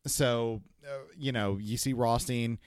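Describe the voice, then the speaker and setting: A man co-hosting a casual TV recap podcast, relaxed and jokey, with loud laughs. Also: medium pitch, unhurried, clean tone, no echo, studio quality. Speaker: podcast co-host.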